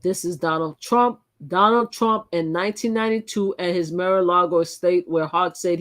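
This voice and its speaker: A woman's voice: fairly low pitch, steady tone, normal speed, hardly any pauses. A woman hosting a live channel, reading articles aloud and commenting in a chatty way, often repeating and restarting her phrases. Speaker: channel host.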